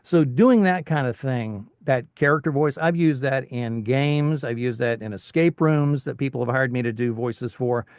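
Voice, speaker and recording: A middle-aged voice actor from Tennessee with a faint Southern accent, chatting casually in an interview with lots of restarts. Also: male voice, medium pitch, normal speed, few pauses, no room sound, studio quality. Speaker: voice actor, guest.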